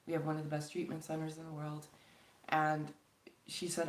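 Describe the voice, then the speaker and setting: Woman, from Canada, earnest and pleading, rambling, somewhat low voice. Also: monotone, brisk, reverberant, rough recording. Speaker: spiritual channel host. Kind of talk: casual live-stream talk.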